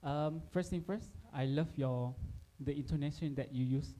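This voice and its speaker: A woman's voice: low-pitched, moderate pace, dark tone, rough recording. A woman at a workshop asking the trainer a question, polite and hesitant. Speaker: workshop participant.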